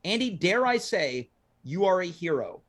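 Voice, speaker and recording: A man's voice: high-pitched, big pitch swings, moderate pace, a bit bright. A man hosting a comedic talk show. He talks like a boastful showman who keeps poking fun at himself. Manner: playful, self-mocking, boastful showman. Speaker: host.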